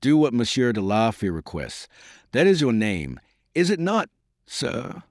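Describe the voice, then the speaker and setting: A man reading the lines of a haughty, disdainful queen in an audiobook, in a lively voice. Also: mid-range voice, a little slow, dry recording, studio quality. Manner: disdainful, imperious. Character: haughty proud queen, a grown woman.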